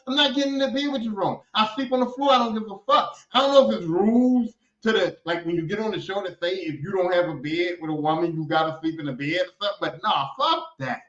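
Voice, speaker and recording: A man hosting a podcast, ranting casually and profanely in an animated way, and slipping into other voices to act out people he quotes. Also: high voice, quick pace, hardly any pauses. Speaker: podcast host. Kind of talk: casual comedic rant. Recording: echoey room, dull lo-fi sound.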